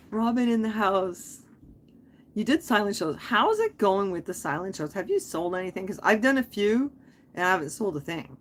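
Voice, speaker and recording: A woman who hosts a live stream, chatting in a rambling way full of asides as she reads comments from her viewers. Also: medium pitch. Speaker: online reseller and channel host.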